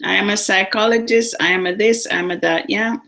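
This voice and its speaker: A middle-aged woman co-hosting a live psychic talk show, telling personal stories in a lively, animated way. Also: medium pitch, brisk, gravelly. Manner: storytelling, animated, acts out voices in anecdotes. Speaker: psychic co-host. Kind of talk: casual chat on a live show.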